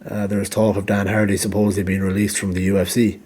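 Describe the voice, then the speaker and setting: A man's voice: fairly low pitch, level tone, fast talker, darkish tone, husky. A man giving rambling casual commentary, full of ums and restarts, and he is losing his voice. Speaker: MMA vlogger.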